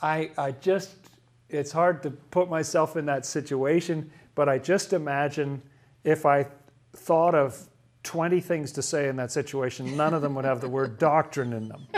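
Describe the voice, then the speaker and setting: A man's voice: fairly high pitch, steady tone, moderate pace. A man leading a casual Bible study, talking through a passage and asking lots of questions, with frequent restarts. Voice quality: asks lots of questions, chatty, stumbles and restarts.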